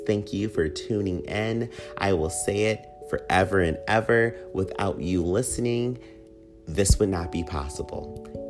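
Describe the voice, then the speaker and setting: A man hosting his own podcast, chatty and campy, with a playful, slightly whiny way of talking. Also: deep voice. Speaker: podcast host. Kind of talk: solo podcast talk with a read ad.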